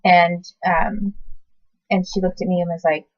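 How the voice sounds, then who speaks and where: A woman in her forties recalling the past in a casual, halting way, often stopping to correct herself and search for words. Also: fairly low pitch, fairly even intonation, no room sound. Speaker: recalling past babysitting work. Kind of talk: casual personal recollection to camera. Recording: dull lo-fi sound.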